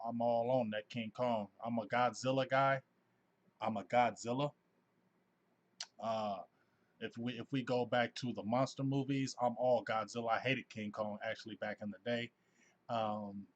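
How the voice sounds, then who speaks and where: A man in his forties hosting a casual sports fan livestream, talking in an animated, effusive way and reading out viewers' names. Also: mid-range voice, normal speed, highs cut off. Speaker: host of a sports fan live show.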